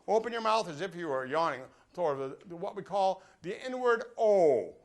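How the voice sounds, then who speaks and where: High-pitched and animated, this older man speaks at a moderate pace, with a slight hiss or hum in the sound. Teaching a brass master class in a classroom or rehearsal room before a live audience, he takes students through breathing exercises, joking and coaching them directly.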